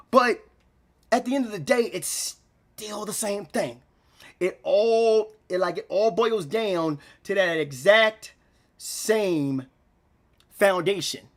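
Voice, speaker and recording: Brief: young male vlogger, high voice, rambling heartfelt monologue, on the edge of tears. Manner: rambling, repeats himself, slangy. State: near tears. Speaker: gaming channel vlogger. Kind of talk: emotional unscripted monologue.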